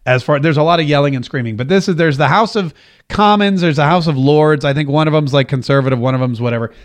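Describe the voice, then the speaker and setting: A man's voice: on the high side, quick pace. A man hosting a political podcast and radio show, giving emphatic commentary and repeating phrases for stress. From United States.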